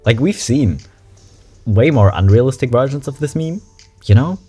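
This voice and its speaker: A young adult nonbinary vlogger reacting to memes in a chatty, frank, animated way, swearing casually. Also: mid-range voice, normal speed, husky, faint music behind. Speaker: meme reaction host. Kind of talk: casual meme commentary.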